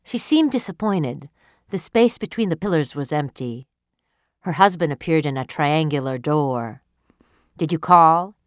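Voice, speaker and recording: A woman narrating a story in a measured, expressive way. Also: low voice, no echo, clean studio sound.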